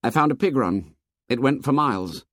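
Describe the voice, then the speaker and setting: A man's voice: mid-range voice, expressive, moderate pace, fairly bright tone, no room sound, studio quality, pitched above the performer's own voice. A man voicing a tense, proud boy leader who speaks hotly and sneers. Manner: hot, clipped, challenging.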